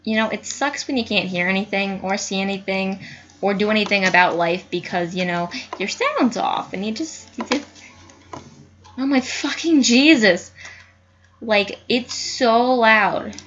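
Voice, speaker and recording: A young woman giving casual gameplay commentary, excitable, swearing and yelling at the screen. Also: medium pitch, a little slow, lo-fi sound. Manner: excitable, yells at the screen, frequent cussing. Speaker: gaming youtuber.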